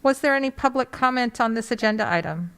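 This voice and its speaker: A woman presides over a school board meeting, calling agenda items and asking for public comment. Her voice is high and smooth, and her delivery is formal and procedural. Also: lively intonation, fast, fairly bright tone.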